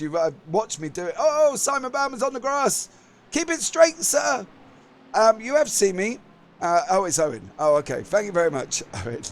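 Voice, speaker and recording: A man hosting a live sim racing stream, chatting with his viewers and laughing at himself, tired after a long day. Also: sits high. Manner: chatty, laughing, self-mocking. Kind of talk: live stream commentary and chat.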